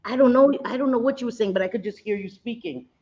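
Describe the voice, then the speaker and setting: A woman's voice: fairly high pitch, fast talker, darkish tone, dull audio. A woman hosting a casual livestream, bubbly and chatty, greeting viewers with pet names. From Puerto Rico. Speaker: livestream host.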